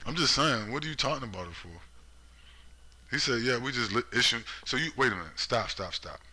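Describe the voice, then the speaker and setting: Sharp-voiced man ranting sarcastically. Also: mid-range voice, lively intonation, brisk, husky, low-quality recording. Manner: profane, sarcastic, full of rhetorical questions. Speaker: political commentator. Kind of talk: ranting vlog commentary.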